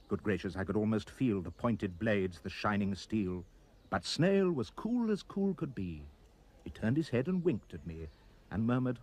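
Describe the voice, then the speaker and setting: A man reading a rhyming children's story aloud in an expressive voice. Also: fairly low pitch, moderate pace, husky.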